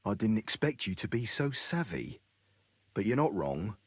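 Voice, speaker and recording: A man's voice: fairly low pitch, big pitch swings, moderate pace, slightly rough, no room sound, exaggerated voice. An actor playing a scheming male horse dealer in a video game, with a wheedling, conspiratorial way of selling his deals. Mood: sly. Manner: wheedling, conspiratorial sales talk.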